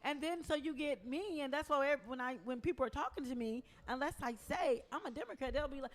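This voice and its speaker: Woman, elected official, animated storyteller, high voice. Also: brisk. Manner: animated storyteller, laughs at herself. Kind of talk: casual political discussion.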